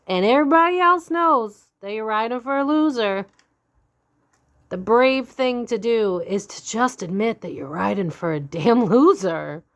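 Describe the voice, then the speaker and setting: A young adult woman giving a casual tarot reading to camera. She is blunt and candid, swears freely and laughs often. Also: medium pitch. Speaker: psychic tarot reader.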